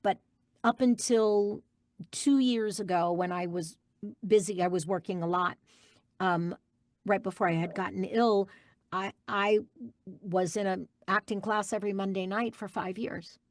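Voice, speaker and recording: A woman's voice: mid-range voice, fairly even intonation, a little slow, no room sound, clean studio sound. A woman guest voice actress giving an emphatic interview answer, insisting on her point and repeating key phrases.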